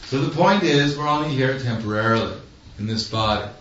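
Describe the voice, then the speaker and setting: A man's voice: medium pitch, lively intonation, brisk, fairly bright tone. A man delivers a sermon through stories, dry and wry, now and then chuckling at his own jokes. His voice sits in an ordinary middle register. He is heard from a distance in a strongly echoing hall, the sound dull and faintly noisy. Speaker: preacher. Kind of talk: storytelling sermon.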